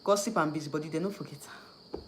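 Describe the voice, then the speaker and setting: A man's voice: on the high side, quick pace, fairly bright tone, slight background noise. A man with a Nigerian accent hosting a casual livestream, rambling and repeating himself, slipping in and out of Nigerian Pidgin. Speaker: YouTube host.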